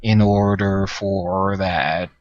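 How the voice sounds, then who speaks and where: A solemn male bargainer speaks in measured, formal phrases, as a game master puts him on. The delivery is unhurried and weighty, and the voice sits a little low. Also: fairly even intonation, dry recording, muffled recording. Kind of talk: game master voicing a character.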